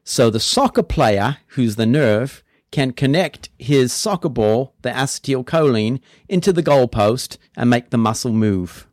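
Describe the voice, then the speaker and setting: A man doing a put-on English accent as a blustery bloke explaining football, louder and hammier than his usual voice. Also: medium pitch, expressive, a little slow, few pauses, no room sound, clean studio sound, close to an everyday voice. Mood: hammy.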